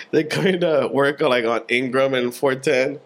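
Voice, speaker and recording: A man's voice: mid-range voice, slow. Laid-back young man on a podcast. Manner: laid-back, swears casually, acts out dialogue. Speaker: podcast co-host. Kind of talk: casual chat.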